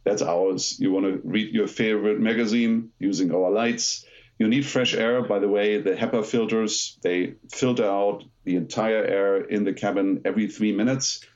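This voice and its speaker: A middle-aged man speaks English with a German accent, a fairly low voice carrying his guest stories. He talks in a lively way, with dry self-deprecating jokes. The audio comes across dull and lo-fi. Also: moderate pace. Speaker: podcast guest, aerospace lawyer. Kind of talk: conversational podcast interview.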